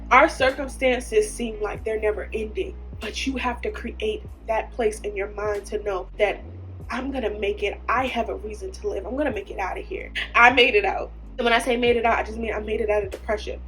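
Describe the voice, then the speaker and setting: A woman hosting her own podcast, talking earnestly and emotionally, tearful at times. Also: on the high side. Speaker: podcast host. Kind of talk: heartfelt solo podcast talk.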